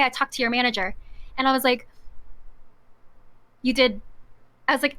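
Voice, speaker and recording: Bright high-voiced young woman storyteller. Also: fast talker, long pauses. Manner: animated, acts out quoted voices, laughs often. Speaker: podcast guest. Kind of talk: casual storytelling chat.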